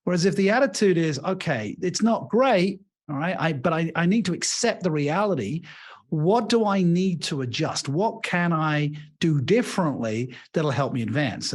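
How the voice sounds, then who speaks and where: This man's voice sits on the high side and sounds husky. He coaches leaders and writes books, and on a podcast interview he spins animated, expansive stories, voicing the characters in them himself.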